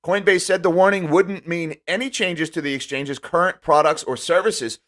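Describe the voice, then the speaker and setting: A man's voice: fairly high pitch, steady tone, moderate pace, a bit bright. A man hosting a finance commentary channel, reading headlines and reacting with dry sarcasm while talking straight to his viewers. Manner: sarcastic, talks directly to viewers. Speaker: finance video host.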